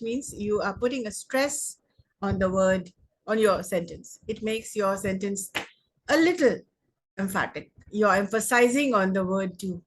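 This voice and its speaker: A young Indian woman with a medium-pitched voice gives an online English grammar lesson, going slowly and repeating words and sentences for emphasis. There is slight background noise.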